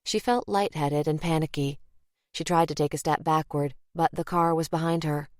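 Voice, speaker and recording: A woman narrating a crime thriller audiobook in a measured, even way. Her voice sits low and the recording is dry and close, with no room sound. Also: no echo. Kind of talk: scripted narration.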